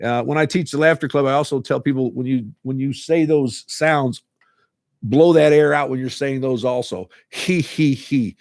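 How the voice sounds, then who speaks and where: A man with a steady, mid-range, slightly mellow voice talks at a normal speed in a clean studio recording with no room sound. He teaches a laughter club and speaks to the camera earnestly yet casually, repeating words as he goes.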